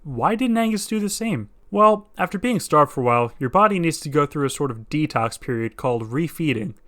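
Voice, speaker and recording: A man narrates a scripted comedy video in a slightly high voice. He delivers crude jokes with sarcastic, deadpan asides. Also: brisk.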